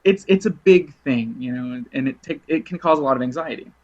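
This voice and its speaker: A man in casual podcast chat, spinning long rambling anecdotes and breaking into laughter. His voice sits at a middling pitch, and the recording is dull and lo-fi. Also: brisk. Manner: rambling storyteller, laughs often, lively retold quotes. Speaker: podcast guest.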